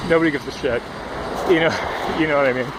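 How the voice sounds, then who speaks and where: A man's voice: on the high side, brisk. A young man vlogging outdoors, rambling and out of breath, with lots of fillers and swearing. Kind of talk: rambling casual monologue. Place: outdoors by a busy road. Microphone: headphone cord mic. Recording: faint traffic noise outdoors. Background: passing cars.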